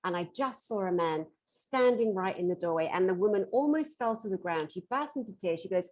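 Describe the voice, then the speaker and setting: A woman's voice: mid-range voice, fairly quick, few pauses, rough recording. A woman working as a metaphysical therapist, telling a story on a conference panel and acting out the lines of the people in it. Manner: animated, acts out quoted dialogue.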